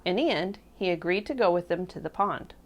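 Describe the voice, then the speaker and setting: Lady preschool teacher reading a picture book, super expressive, voice bouncing all over. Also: lowish voice, brisk, dull audio. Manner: expressive, lively voices for animals. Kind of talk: children's storybook read-aloud.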